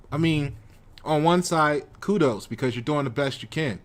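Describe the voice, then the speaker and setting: This American man, host of his own channel, gives a confrontational monologue at a moderate pace in a mid-range voice, repeating things over and over to press his arguments.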